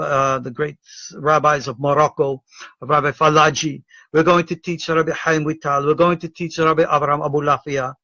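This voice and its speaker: A middle-aged American man, a rabbi and Torah teacher, giving an emotional, indignant video address full of halting repetitions. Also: on the high side, pushed and bright, dry recording, lo-fi sound. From United States.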